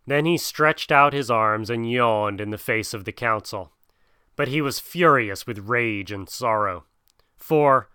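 A man narrating a storybook in a measured, dramatic way. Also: mid-range voice, sharp tone, clean tone, dry recording, studio quality. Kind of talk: storybook reading.

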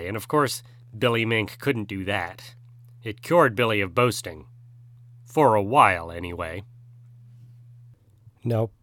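A man's voice: lowish voice, dry recording. Man reading a storybook aloud. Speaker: narrator. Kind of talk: scripted storybook narration.

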